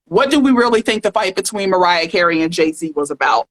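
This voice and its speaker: A woman's voice: fairly low pitch, a little fast, poor audio. Sassy woman podcast host. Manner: sassy, animated, slangy. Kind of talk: casual pop culture chat.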